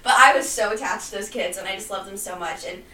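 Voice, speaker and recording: A woman who teaches high school psychology co-hosting a podcast, animated and emotional, acting out scenes. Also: fast talker, roomy sound, far from the mic. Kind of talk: casual podcast chat.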